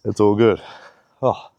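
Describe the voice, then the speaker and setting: A young fitness vlogger delivers a rambling pep talk packed with profanity in a casual vlog, a little out of breath. His voice is lowish and warm, with no echo and dull audio.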